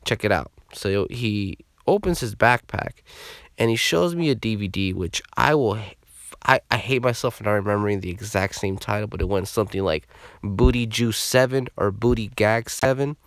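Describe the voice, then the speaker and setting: A man telling a story from his school days in a casual, profane and animated way. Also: fairly low pitch, normal speed, no room sound.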